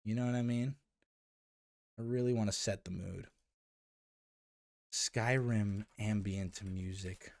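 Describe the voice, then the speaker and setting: A man casually commentating his own gameplay on a stream, excitable, swearing and reading game text aloud. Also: on the low side, takes it slowly, vocal fry, long pauses, no room sound.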